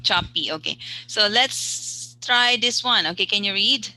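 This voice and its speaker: Bright-voiced woman teaching on a video call. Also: mid-range voice, measured pace, a little hiss or hum, rough recording. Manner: patient, laughs often, corrects stress. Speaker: English teacher. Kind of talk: online class teaching.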